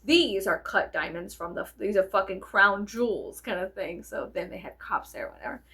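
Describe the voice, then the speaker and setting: A young adult woman vlogger telling a casual story, animated and profane, laughing often and wandering off on tangents. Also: medium pitch, moderate pace, husky. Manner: animated, profane, digresses with many fillers.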